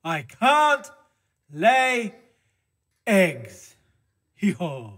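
Donkey puppet guy doing it, high swoopy voice, hee-haws all through, slow and earnest. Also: wildly swooping pitch, fairly bright tone, full character voice. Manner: punctuates speech with hee-haw brays. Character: glum male donkey puppet, earnest, brays. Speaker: kids' time puppet character.

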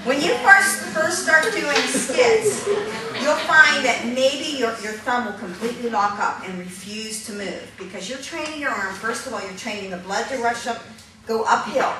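A woman leading a hands-on puppetry workshop, energetic and upbeat, laughing often and counting the group along. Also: fairly high pitch, moderate pace, crowd noise. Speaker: puppetry instructor. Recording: echoey room from a distance, noisy.

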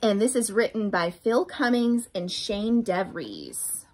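A teacher with a mid-range voice reads a children's picture book aloud, slowly and expressively. She stops now and then to ask her listeners questions.

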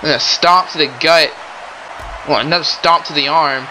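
A young man doing excitable play-by-play wrestling commentary, often exclaiming and addressing the audience. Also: on the high side, normal speed, slight background noise, poor audio. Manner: excitable, keeps exclaiming and saying ladies and gentlemen.

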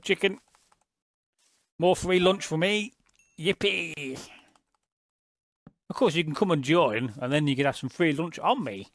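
Gaming host, slightly high voice, dry close sound, cheeky chatter over play. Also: male voice, a bit bright, no echo. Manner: chatty, jokey running commentary. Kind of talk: casual gameplay commentary.

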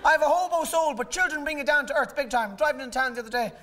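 Irish comic in his thirties, fairly high voice, rambling live stand-up with faint hiss. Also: quick pace, sharp tone. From Ireland. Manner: rambling, self-interrupting storytelling. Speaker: stand-up comedian. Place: stage in a live comedy venue.

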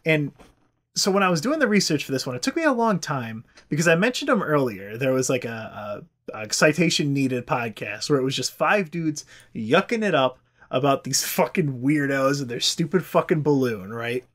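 Podcast dude swearing his way thru a story, casual and loose, middle pitch. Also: sing-song, moderate pace, a bit bright. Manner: profane, loose and chatty, acts out quotes. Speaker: podcast host.

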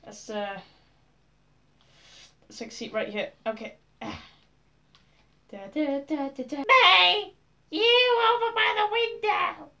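A teenage girl giving casual, excitable commentary on her Minecraft gameplay, often squealing and shouting with delight. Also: extremely high pitch, slow pace, pauses often, muffled recording. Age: teens. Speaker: Minecraft YouTuber.

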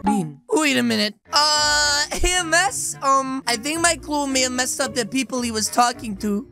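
A woman hosting a game video with playful role-play commentary, excitable, often exclaiming and shrieking. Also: sits high, normal speed, few pauses, soft background music. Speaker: gaming video host.

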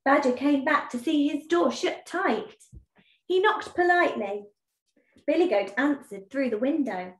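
A woman teacher reading a storybook aloud in an expressive, sing-song way, then explaining a task in an online lesson. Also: sits high, unhurried. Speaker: primary school teacher. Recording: echoey room.

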